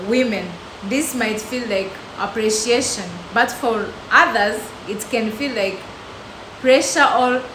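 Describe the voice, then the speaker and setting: A woman delivers scripted reaction commentary, slow and deliberate, her voice a touch high. The room is echoey and a loud hiss runs under the recording. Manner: slow, measured, explanatory.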